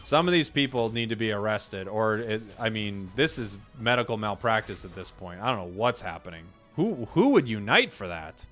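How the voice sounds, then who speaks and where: A man's voice: on the low side, moderate pace, few pauses, faint music behind. A man giving casual, joking commentary while playing a video game, ranting at teammates. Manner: joking, animated, rants at teammates. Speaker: gaming streamer.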